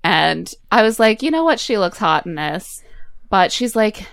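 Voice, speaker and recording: A woman's voice: medium pitch, animated, normal speed, vocal fry, fairly bright tone, dry recording. Dry-voiced woman recapping a movie. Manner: recaps the plot with quoted asides, laughing often. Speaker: podcast co-host. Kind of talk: casual movie recap chat.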